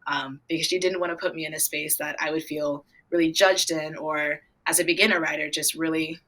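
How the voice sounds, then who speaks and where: Bubbly teenage girl, bright voice. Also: low-pitched, fairly quick. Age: teens. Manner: bubbly, storytelling, acts out her own excited reactions. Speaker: young equestrian guest. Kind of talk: casual interview answers.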